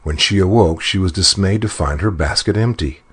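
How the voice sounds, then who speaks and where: A man reading a fairy tale aloud in an expressive, unhurried storybook narration. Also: low-pitched, slightly rough.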